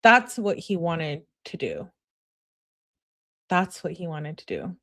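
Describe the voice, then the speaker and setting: A woman's voice: fairly low pitch, big pitch swings, slow, pushed and bright. A woman host reading text messages aloud and commenting on them in a sassy, casual way, often laughing and talking back. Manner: sassy, laughs and talks back to what she reads.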